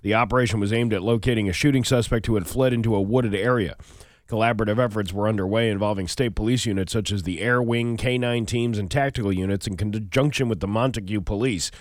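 A man's voice: lowish voice, fast, dry recording, clean studio sound. A man co-hosting a morning radio show, joking around, laughing often and reading the news. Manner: jokey and animated, laughs often.

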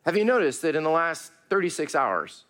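A man preaching a sermon to his congregation, moving between raised pleading and hushed, low passages, calling his listeners friends. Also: animated, fairly quick. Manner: addresses congregation warmly as friends, uses y'all. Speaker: pastor.

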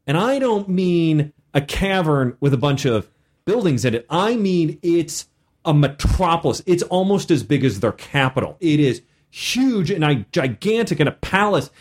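A man hosting a podcast in casual chat, animated as he tells stories of running a game and acts out his players. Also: a little high, moderate pace. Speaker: podcast host and game master.

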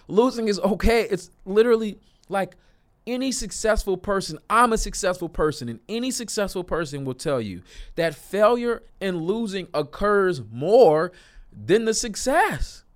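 A man's voice: high voice, animated, measured pace. A young man giving a motivational self-help talk to camera, earnest and repetitive, sometimes rising to emphatic outbursts. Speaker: self-help video creator.

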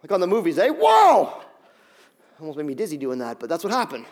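A middle-aged male pastor giving an animated sermon, acting out scenes with quick voices. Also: on the high side.

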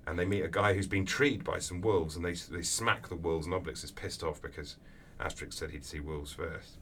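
A man answering interview questions as an author, telling lively anecdotes with acted-out voices. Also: low-pitched, a little fast. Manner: animated storyteller, acts out voices in anecdotes. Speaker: author guest. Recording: distant mic with faint background noise.

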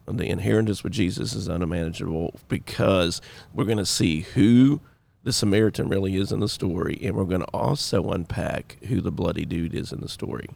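A middle-aged man, a pastor, talking casually and joking on a church podcast. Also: deep voice. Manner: animated, joking, gravelly.

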